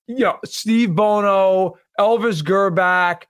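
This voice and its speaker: A man's voice: high voice, slow pace, clean tone, no echo, clean studio sound. Emphatic man telling sports stories. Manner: storytelling, emphatic, swears freely. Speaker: sports talk host. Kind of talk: casual sports chat.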